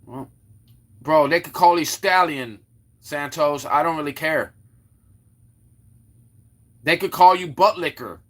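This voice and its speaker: A man with a somewhat high, bright voice hosts a casual livestream. He rambles with plenty of fillers and restarts. He greets and jokes with the viewers in his chat by name. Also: slow pace, long pauses. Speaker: livestream host. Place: Florida.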